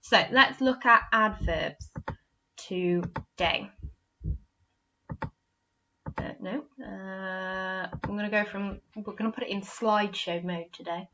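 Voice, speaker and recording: Female primary teacher, slow and patient, bright tone, muffled lo-fi recording. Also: medium pitch, a little hiss or hum. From England. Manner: slow, patient, explaining step by step with frequent "okay?". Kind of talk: recorded online lesson.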